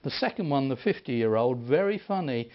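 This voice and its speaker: A man preaching, telling stories in an animated way and acting out the people he quotes. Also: medium pitch, normal speed. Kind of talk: sermon storytelling. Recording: dull lo-fi recording.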